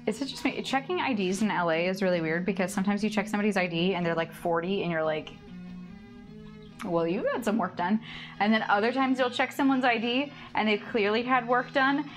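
A woman's voice: medium pitch, quick pace, few pauses, soft background music. A young woman bartender chatting casually on a cooking stream, telling rambling stories packed with "like". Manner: rambling, filler-heavy storytelling with lots of "like".

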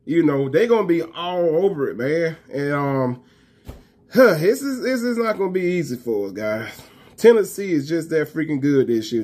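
Husky, emphatic male fan vlogger. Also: a little high. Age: 30s. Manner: emphatic, repetitive, slangy, calls viewers fam; talks fast. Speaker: college football fan vlogger. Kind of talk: casual fan rant to camera.

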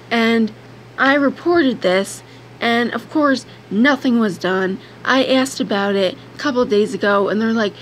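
Young woman vlogger, frustrated, blunt, profane, unhurried delivery, faint background hiss. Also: a little high, a bit bright. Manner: blunt, frustrated, heavy swearing. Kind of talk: angry personal vlog rant.

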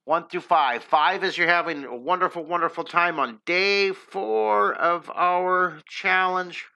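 Man, middle-aged, drawing teacher, upbeat, encouraging, bright forceful voice, slightly high. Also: a little slow, vocal fry, clear, resonant tone. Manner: upbeat, encouraging, chatty with viewers. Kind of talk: live-streamed drawing lesson.

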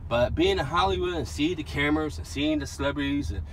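A man around sixty telling a story from his past in a loose, animated way, acting out shouting drill sergeants. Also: a little high, fast, slight background noise, rough recording. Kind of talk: storytelling monologue.

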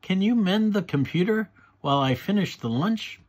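A man's voice: sits high, animated, moderate pace, darkish tone, voice pushed up. A man doing a firm, busy mother pig.

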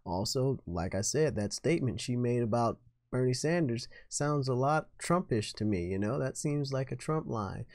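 A man's voice: medium pitch, expressive, moderate pace, a little mellow, dry recording, clean studio sound. A man hosting his own political commentary show, talking in an opinionated, sarcastic way. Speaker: host.

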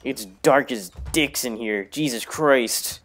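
A man in his own voice talks through a horror game, half under his breath, swearing and joking at the screen. His pitch sits at an ordinary middle, and it jumps sharply when something startles him. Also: takes it slowly. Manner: mutters quietly, bursts into loud startled shouts; profane, jokey self-talk to the game. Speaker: gaming YouTuber. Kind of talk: casual let's-play commentary.

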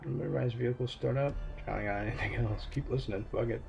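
A man's voice: medium pitch, fast, vocal fry, darkish tone, soft background music. A man playing a video game who reads its text aloud and adds casual comments, swearing now and then at his own slips. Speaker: let's play gamer.

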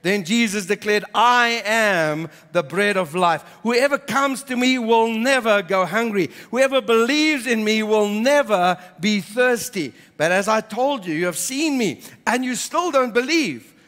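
A man's voice: sits high, animated, a little slow, hardly any pauses, fairly bright tone, in a large hall. A man preaching a sermon, reading scripture aloud and then explaining it with emphatic repetition. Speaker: pastor. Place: church.

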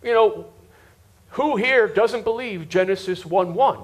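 High-voiced, slow preaching man. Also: expressive, a bit bright. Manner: repeats words for emphasis, talks to the congregation directly. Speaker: pastor. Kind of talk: sermon. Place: church before a live congregation.

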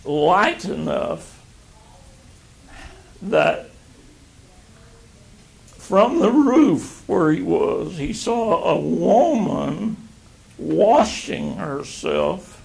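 An older man teaching a Bible lesson, reading scripture aloud and explaining it in a slow, halting way. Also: sits high, wildly swooping pitch, creaky, darkish tone.

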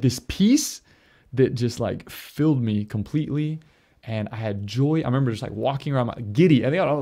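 A young man, a priest, telling his conversion story in an earnest, halting way with many fillers. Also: medium pitch, creaky, dark tone. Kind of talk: personal testimony.

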